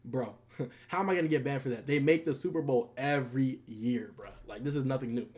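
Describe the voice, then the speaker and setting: A man's voice: medium pitch, fairly quick, darkish tone. A young man streaming casually, talking sports in heavy slang and laughing often. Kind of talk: casual livestream commentary.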